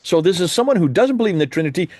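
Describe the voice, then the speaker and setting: A man's voice: racing, no echo, clean studio sound. A man giving an emphatic lecture presentation with slides, asking the audience rhetorical questions. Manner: emphatic, rhetorical questions, animated swings in pitch. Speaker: Christian apologist presenter.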